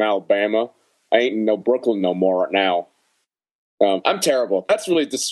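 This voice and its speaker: A man on a podcast panel who rambles through his points with self-deprecating asides. His voice sits at a middle pitch for a man, and the talk stays easygoing. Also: low-quality recording. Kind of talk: casual podcast chat.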